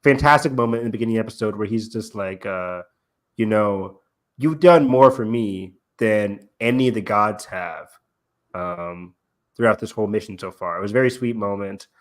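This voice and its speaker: A young man with a lowish voice co-hosts a casual review chat at normal speed. He rambles with plenty of fillers and acts out the lines he quotes.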